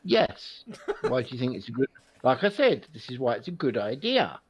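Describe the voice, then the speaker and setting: A man's voice: mid-range voice, big pitch swings, normal speed, lo-fi sound, slight background noise. A man co-hosting a casual stream who makes puns and plays innocent. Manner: punning, mock-innocent joker. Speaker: stream co-host.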